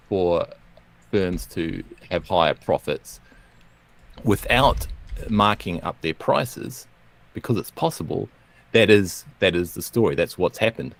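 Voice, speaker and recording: Low-voiced man chatting casually. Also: expressive, slow pace, gravelly, long pauses. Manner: rambling, self-correcting, chuckles at own jokes. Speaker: co-host. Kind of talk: casual chat, then reading a comic poem.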